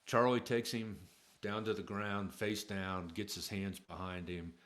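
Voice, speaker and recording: Middle-aged male storyteller with a deep voice who talks casually and stops often to restart. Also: steady tone, a bit bright. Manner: halting, many "uh" fillers and restarts. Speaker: podcast host telling a personal story.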